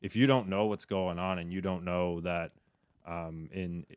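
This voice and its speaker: A man with a low-pitched voice chats about sports in a rambling, restart-heavy way. Now and then he bursts into animated mock quotes. The sound is dry and close. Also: unhurried, smooth, no room sound. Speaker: podcast guest, sports broadcaster. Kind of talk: casual chat.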